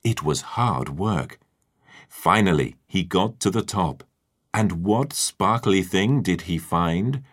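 Deep-voiced guy reading a kids story, slow and animated. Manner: slow, lively and expressive. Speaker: narrator.

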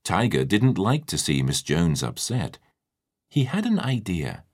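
A man narrating a children's storybook in a lively, expressive way. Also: low-pitched, measured pace, breathy edge.

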